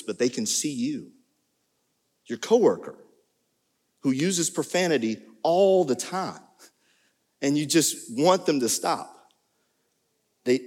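A man preaching a sermon as pastor, animated, with sudden jumps in pitch. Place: church sanctuary. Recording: long reverb of a church hall.

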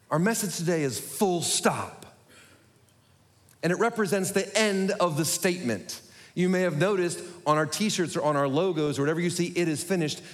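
A man preaching a sermon to his congregation, talking quickly with self-deprecating humor. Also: high-pitched. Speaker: pastor. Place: church sanctuary. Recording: echoey hall.

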